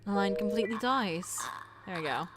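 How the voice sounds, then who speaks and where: A young woman streaming a game and chatting casually, excitable and swearing freely. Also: mid-range voice, brisk, over loud music.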